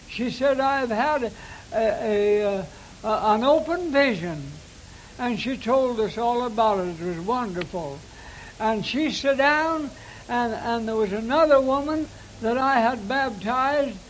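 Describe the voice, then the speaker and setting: An older man, a preacher, recounting his early ministry in a folksy, halting storytelling manner with frequent restarts. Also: very high voice, slight background noise, low-quality recording. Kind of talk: recounting personal ministry testimony.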